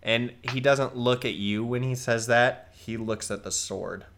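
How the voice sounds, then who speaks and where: A man running a tabletop game as game master, describing scenes slowly. His voice is bright and clear, and he lets each line settle. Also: medium pitch, steady tone, slight background noise. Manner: slow, descriptive storytelling.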